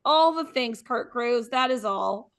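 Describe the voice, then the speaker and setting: Bubbly high-voiced woman. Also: a little slow. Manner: bubbly, giggly, animated. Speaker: morning show co-host. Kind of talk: casual chat.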